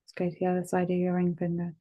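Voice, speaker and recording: A woman guiding a tapping session, speaking calmly and gently and repeating phrases for the listener to say back. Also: on the low side, rapid-fire, lo-fi sound. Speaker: EFT tapping guide.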